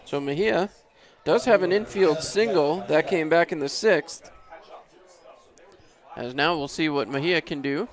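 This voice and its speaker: A man's voice: fairly high pitch, unhurried, a crowd in the background. A man calling baseball play-by-play from an outdoor ballpark booth, easygoing and chuckling, his voice rising sharply on big hits. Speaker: play-by-play announcer.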